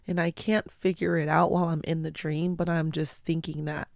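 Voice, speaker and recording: A woman hosts her own show and tells personal stories with earnest, heartfelt sincerity. Her voice sits a little low and carries a gravelly, fry-tinged texture. She speaks slowly and deliberately, and the sound is close and dry. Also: little pitch movement, no room sound. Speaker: podcast host. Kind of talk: personal storytelling talk.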